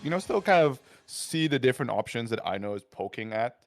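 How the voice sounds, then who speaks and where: A man's voice: medium pitch, very animated, fairly quick, faint music behind. A young man giving live fighting game commentary, analytical and heavy on fillers, often asking "right?". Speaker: esports commentator.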